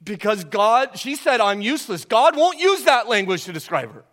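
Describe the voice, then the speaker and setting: A man preaching a sermon who asks his congregation rhetorical questions, swinging between loud emphasis and hushed, quiet passages. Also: high voice, very animated, normal speed. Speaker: pastor. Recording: long hall reverb.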